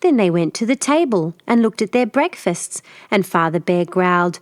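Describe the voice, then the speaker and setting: Female storyteller, clear measured fairy-tale reading, dry close sound. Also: fairly low pitch, animated, no echo. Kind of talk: storybook narration for learners.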